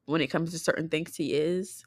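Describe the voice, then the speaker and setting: A young woman vlogger speaks directly to her viewers in a heartfelt personal video, her voice a little low and steady in tone. She talks haltingly, often stopping and starting over. The recording is close and dry, with no room sound.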